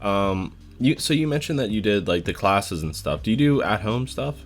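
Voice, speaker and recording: A man co-hosting a podcast, chatting in a relaxed way and sounding out Polish phrases. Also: fairly low pitch, moderate pace, faint music behind. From United States. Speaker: podcast co-host. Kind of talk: casual chat.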